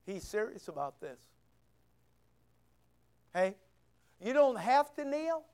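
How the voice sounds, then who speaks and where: A man's voice: sits high, sing-song, slow pace, a little mellow, smooth. A man preaching a sermon as pastor, reading scripture aloud and asking the listeners questions in a conversational way.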